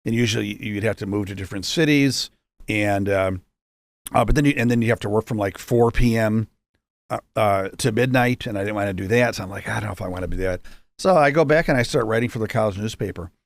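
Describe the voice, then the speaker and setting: Low-voiced and fairly quick, this fifties-aged guest from Rochester, New York, an entrepreneur, relates his story informally with humor and lots of asides. The recording has no room sound.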